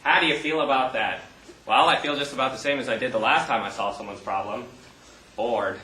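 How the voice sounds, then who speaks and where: An actor in an amateur stage play playing a bored, clever analyst who talks in a mock-formal way and grows smug and scheming. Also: male voice, mid-range voice, brisk, bright, forceful tone, recorded from a distance, a little hiss or hum, close to an everyday voice. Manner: mock-formal, musing aloud, gleeful when plotting. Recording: echoey hall.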